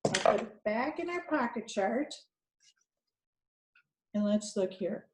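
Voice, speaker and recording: A woman's voice: fairly high pitch, expressive, slow, echoey room, background noise. A woman teacher guiding young children through a reading lesson, thinking aloud in an encouraging way.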